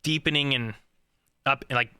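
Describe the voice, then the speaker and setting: Unhurried and smooth, this male podcast co-host has a sharp-toned, mid-range voice with fairly even intonation. He chats casually, rambling through fillers and restarts, recorded at studio quality without room sound.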